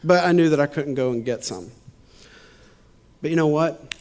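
A man's voice: on the high side, normal speed, pauses often, darkish tone. A man casually telling a personal testimony, chatty and laughing often, shifting into preacher-like repetition on points of faith. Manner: chatty storytelling with frequent laughs and "you know".

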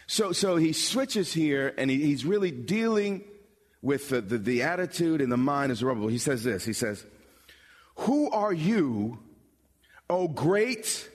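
A pastor preaching a sermon, building from explanation to bold, emphatic calls with dramatic pauses. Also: male voice, medium pitch. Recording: long hall reverb.

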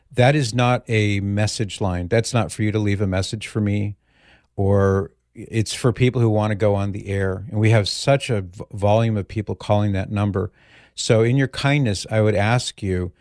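A man hosting a call-in radio show, chatting gently with callers and leading a prayer. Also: on the low side, no room sound, clean studio sound.

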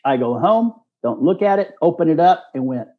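A man's voice: a little high, animated, normal speed, phone-quality sound. A man in his sixties from Texas, telling a personal story as a guest in an earnest, folksy way. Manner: earnest, folksy, acts out quoted voices. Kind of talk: casual storytelling.

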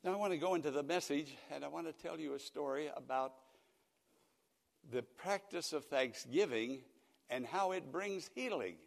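An older man pastor delivers a radio sermon in a folksy storytelling way. He swells into emphatic, loud peaks. His voice carries the long reverb of a church hall. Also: on the high side, normal speed, vocal fry.

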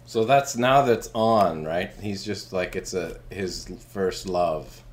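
A man co-hosting a casual chat, animated, laughing often and trailing off quietly at the ends of his thoughts. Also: low-pitched, takes it slowly, a little hiss or hum.

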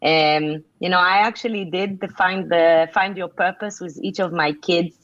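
A middle-aged woman author answering interview questions with earnest, conversational advice, filling pauses with "you know". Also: lowish voice, fairly bright tone. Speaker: author and leadership speaker. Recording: dull lo-fi sound.

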